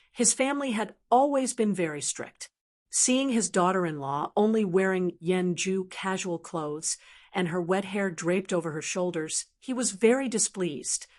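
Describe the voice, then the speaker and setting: A woman narrating a martial arts novel audiobook in a steady, even storytelling manner. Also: mid-range voice. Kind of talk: scripted narration.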